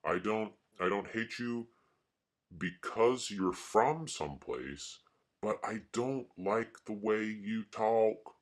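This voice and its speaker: A man's voice: lowish voice, animated, slow. A man vlogging and rambling casually in a wry, mock-grumpy way. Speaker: art vlogger.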